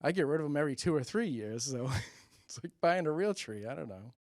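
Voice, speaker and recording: A man's voice: on the high side, lively intonation, a little fast, dry recording, clean studio sound. Rambling man doing stand-up. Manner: rambling, self-deprecating, muttered asides. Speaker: comedian host. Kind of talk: stand-up comedy monologue.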